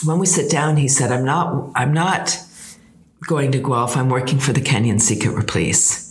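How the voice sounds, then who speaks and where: A Canadian woman telling an animated travel story as an interview guest, acting out the quotes with gasps and laughs. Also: extremely low pitch, normal speed, reverberant. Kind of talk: casual storytelling.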